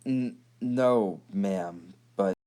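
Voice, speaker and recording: A man's voice: on the low side, drawn-out words, warm tone. A man voicing a young male soldier who is torn and hesitant, stammering and pleading.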